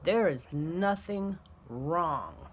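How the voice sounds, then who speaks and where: A woman's voice: on the low side, expressive, extremely slow, a little hiss or hum. A woman giving a comic mock lesson on parenting, lecturing in an emphatic tone. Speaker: vlogger giving parenting advice.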